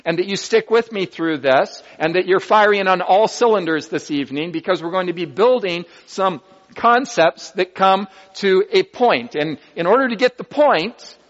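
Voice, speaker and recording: In a hall, a man preaches with a high, animated, fairly bright voice, deliberately teaching and reading scripture aloud with his own comments. The sound is dull and lo-fi.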